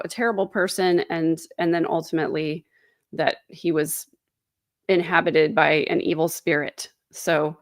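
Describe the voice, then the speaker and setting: A woman's voice: on the low side, no echo, studio quality. A woman hosting a true crime livestream, chatting casually and wryly while reading out viewer comments, with frequent "um" fillers. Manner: chatty, wry, many "um" fillers.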